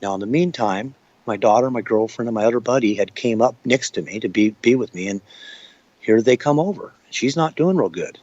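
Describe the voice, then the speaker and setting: A man's voice: mid-range voice, expressive, fairly quick, darkish tone, dry recording, muffled recording. A man recounting what he witnessed in an interview, plain-spoken and rambling. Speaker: eyewitness.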